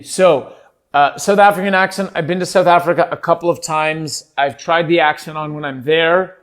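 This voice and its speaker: A man's voice: a little high, steady tone, normal speed. A man from Canada hosting a solo podcast, rambling playfully in a put-on Irish accent that slips now and then. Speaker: podcast host.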